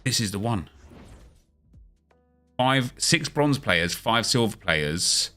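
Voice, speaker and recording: A gaming streamer man with a lowish, bright, forceful voice talks casually with his audience. He runs through updates in a loose, chatty way and punches up the energy for his video intros. Faint music plays behind him. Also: animated. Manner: chatty, quick back-and-forth with viewers, hype intro energy. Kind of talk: casual livestream chat and upbeat video intro.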